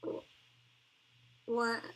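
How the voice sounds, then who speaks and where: A woman's voice: very slow, a bit bright, slight background noise, rough recording. A young adult woman in a casual vlog, giggly and rambling as she reacts to her old posts, with lots of "like" in her speech. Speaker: cosplay vlogger.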